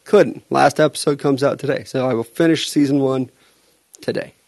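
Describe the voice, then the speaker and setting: Male podcast co-host, gravelly, dry close mic, loose joking sports banter. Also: mid-range voice, fairly even intonation, moderate pace, darkish tone, dry recording. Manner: joking, laughs often. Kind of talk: casual sports chat.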